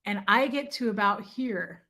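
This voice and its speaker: A middle-aged woman hosting her channel, telling a story to viewers in a loud, self-mocking way, swearing freely and acting out her own yelling. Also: mid-range voice, expressive, a little slow. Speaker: channel host. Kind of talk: casual storytelling chat to viewers.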